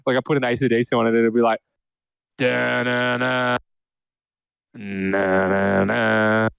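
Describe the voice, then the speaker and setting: A man's voice: medium pitch, dry recording. A young man co-hosting a casual podcast, rambling and laughing often, with the odd swear word. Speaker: podcast co-host. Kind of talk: casual chat.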